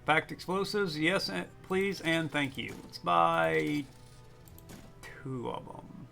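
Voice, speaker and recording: A man chatting casually as he plays a video game, reading its text aloud and reacting with excitement. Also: on the high side, slow pace, vocal fry, faint music behind. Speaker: streamer. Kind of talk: casual gameplay commentary.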